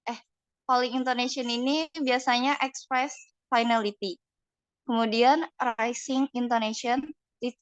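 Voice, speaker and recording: A young woman with an Indonesian accent giving a class presentation, reading slides haltingly with fillers. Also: fairly high pitch, clean tone, no echo, poor audio. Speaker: student presenter.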